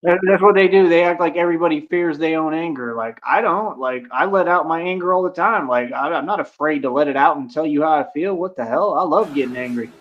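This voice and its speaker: A man's voice: on the high side, a little fast, few pauses, highs cut off. A young man ranting boastfully to his stream audience, brash and swaggering, filling his talk with "like". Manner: brash, swaggering, heavy use of "like".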